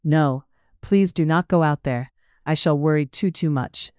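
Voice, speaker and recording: A narrator voicing a frightened, tender young wife in an audiobook, speaking higher and pleading. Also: a little slow, darkish tone, smooth, no echo, clean studio sound, natural voice. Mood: anxious. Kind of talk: audiobook character voice.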